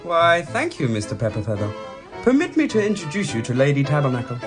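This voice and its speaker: A man's voice: on the high side, sing-song, fast. A man who reviews movies on a comedy radio show, blunt in his verdicts, with faint music behind.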